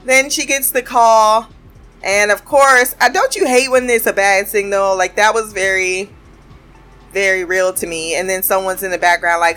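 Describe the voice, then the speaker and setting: Woman, casual profane recapper, mid-pitched, faint music bed. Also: normal speed, fairly bright tone. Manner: chatty, profane, laughing often. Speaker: episode recapper. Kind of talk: casual cartoon episode recap.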